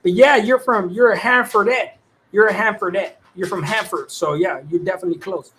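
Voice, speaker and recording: A man's voice: high voice, a little fast, pushed and bright. A man hosting a livestream, reading viewers' comments in casual chat, with streetwise slang and easy laughter. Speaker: livestream host.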